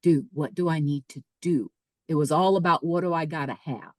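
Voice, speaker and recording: Middle-aged woman guest, low voice, dry close sound; emphatic storyteller who repeats herself. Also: a little fast, darkish tone, no room sound. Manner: emphatic, repeats phrases, quotes her own thoughts aloud. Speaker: podcast guest. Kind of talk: personal storytelling.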